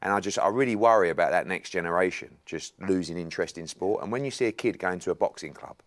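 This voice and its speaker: A man's voice: deep voice, fast. A man in his forties, a boxing promoter, telling anecdotes in casual chat and acting out the people in them. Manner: animated anecdote telling, acting out others' lines.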